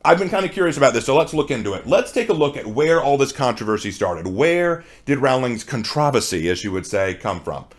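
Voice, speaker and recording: Animated man rebutting in commentary. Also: medium pitch, a little fast, hardly any pauses. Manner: conversational, rebutting, rhetorical questions. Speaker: commentary video creator. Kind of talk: argumentative response commentary.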